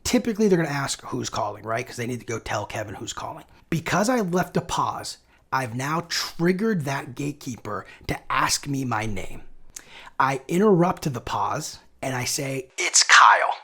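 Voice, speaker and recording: Upbeat husky man teaching sales. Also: mid-range voice, big pitch swings, moderate pace, a bit bright. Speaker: sales coach and channel host. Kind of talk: instructional video lesson.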